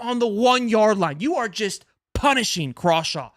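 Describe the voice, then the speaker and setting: A man's voice: very high-pitched, sing-song, measured pace, hardly any pauses, pushed and bright, dry recording, studio quality. A young man hosting a live sports stream, ranting in an exasperated, sarcastic way while reading viewer comments. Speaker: sports show host. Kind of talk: live-stream halftime rant reading super chats.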